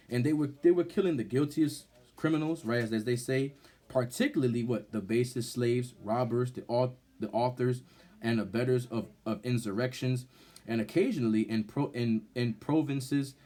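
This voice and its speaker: A man teaching scripture with blunt, fiery emphasis. His voice sits at an ordinary middle pitch, and he climbs louder and higher when he gets heated. He keeps tossing in "right?" and tripping over repeated words. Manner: grows loud and high when heated. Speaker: street-style Bible teacher.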